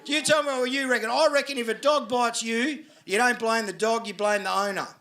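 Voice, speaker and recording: Crude, swearing Australian stand-up comedian. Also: male voice, very high voice, fairly even intonation, fairly quick. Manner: crude, swearing, building to loud storytelling. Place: comedy venue with audience laughter.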